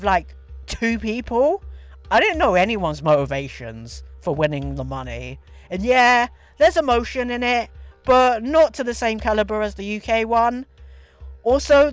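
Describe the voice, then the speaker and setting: Rambling man, lively pitch. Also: no echo. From Australia. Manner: rambling, sarcastic, repeats words. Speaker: video essayist. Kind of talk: casual opinion commentary.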